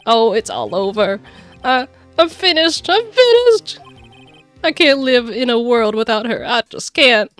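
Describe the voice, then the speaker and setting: A woman's voice: fairly high pitch, very animated, measured pace, fairly bright tone, faint music behind, pitched above the performer's own voice. A woman voicing a melodramatic young man from a game in a put-on country accent, wailing in despair. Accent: put-on Southern US country. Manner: wailing, over-the-top despair.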